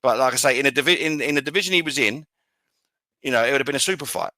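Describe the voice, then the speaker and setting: A man co-hosting a sports podcast, his voice bright and tense as he rattles along at a quick clip. He stumbles and restarts his sentences in casual chat. The sound is dry and close, with no room echo. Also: mid-range voice. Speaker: podcast co-host.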